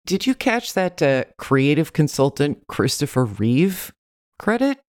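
A man's voice: on the high side, sing-song, measured pace, no room sound, studio quality. A man co-hosting a podcast in casual chat, musing and understated. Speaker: podcast co-host.

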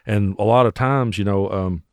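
A man, a musician telling stories in an animated, casual way. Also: lowish voice, normal speed, dry recording. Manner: animated, acts out voices. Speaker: musician guest. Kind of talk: casual storytelling.

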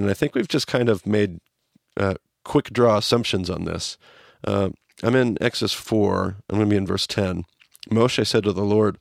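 A man hosting a podcast, teaching a Bible story in a casual, animated way. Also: fairly low pitch, vocal fry, no room sound, clean studio sound. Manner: animated, acts out quotes as he teaches.

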